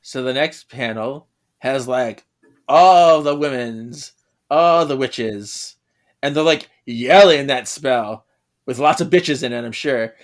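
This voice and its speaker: A podcast co-host in casual chat, retelling comic scenes with expressive quoted lines. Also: medium pitch, takes it slowly.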